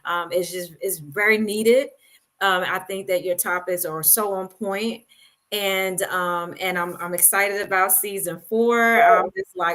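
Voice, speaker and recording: A woman's voice: mid-range voice, steady tone, measured pace, a bit bright. A woman guest panelist who talks in an effusive, thankful way. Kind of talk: casual chat.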